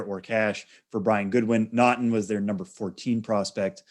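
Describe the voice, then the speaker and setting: Brief: male podcast co-host, measured explainer, lowish voice, frequent "uh"s. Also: little pitch movement. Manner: measured, explanatory with many fillers. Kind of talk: casual podcast chat.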